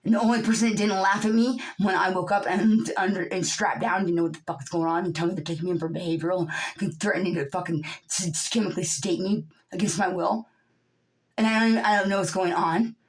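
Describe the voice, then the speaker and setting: A woman with a somewhat low-pitched voice delivers a profane, angry monologue to her camera. She drops into low muttering, then climbs into loud yelling, and she sounds upset throughout. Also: steady tone, quick pace, low-quality recording. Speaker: vlogger.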